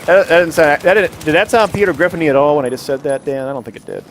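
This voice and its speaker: A man calling live esports play-by-play, excitable and jokey, reading viewer chat aloud between plays. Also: a little high, quick pace, a little hiss or hum. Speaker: esports commentator.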